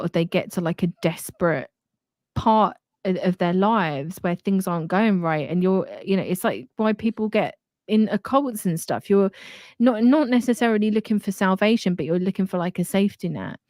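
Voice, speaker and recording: A woman's voice: medium pitch, a little mellow, dry recording, studio quality. A woman hosting a casual chat, speaking hesitantly with many restarts and "like"s. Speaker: host.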